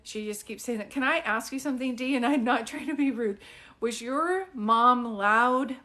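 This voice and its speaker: Chatty, higher-voiced middle-aged woman medium. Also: fast talker. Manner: chatty, laughing, many fillers and questions. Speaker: psychic medium. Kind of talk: live-stream reading.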